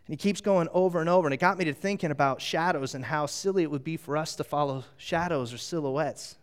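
A middle-aged man preaching with a fairly high voice. He tells stories with plenty of energy and draws his congregation in with questions. He speaks into a handheld microphone. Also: fast, smooth. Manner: animated storytelling with audience interaction. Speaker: pastor. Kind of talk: sermon.

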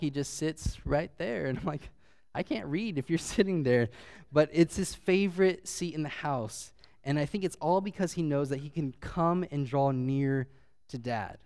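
Man in his thirties, casual storyteller, smooth and a touch high, laughs through his stories. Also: a little mellow. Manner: chatty with frequent fillers, laughing as he talks; heartfelt, chokes up when sentimental. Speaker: speaker sharing a personal story.

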